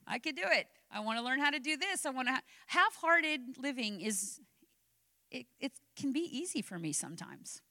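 High, bright-voiced woman preaching. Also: moderate pace, dry recording. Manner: animated preaching with personal anecdotes, rising to impassioned exhortation. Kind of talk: sermon.

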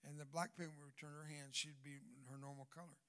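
An older man with a Southern American drawl, preaching as a guest speaker. His voice sits a bit high for a man. He tells his story dramatically, dropping almost to a murmur and then rising to loud, punchy lines with quick jokes thrown in. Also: flat delivery. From Southern United States. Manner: dramatic, swings from hushed to loud, joking asides. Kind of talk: storytelling sermon.

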